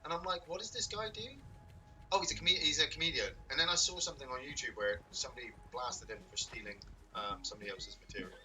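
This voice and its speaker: A man's voice: mid-range voice, fairly even intonation, fast, few pauses, sharp tone, soft background music. A man casually chatting and joking while streaming a video game, rambling and swearing freely. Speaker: game streamer and podcast host. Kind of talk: casual gameplay stream chat. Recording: distant mic with clear background noise.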